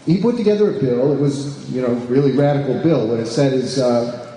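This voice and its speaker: A deputy director of an advocacy group speaks to a live audience in a large, echoey room, his mid-range voice mellow and fairly quick. The speech is full of fillers and restarts, and he often poses questions to the room, with roomy hall reverb and faint background noise in the recording.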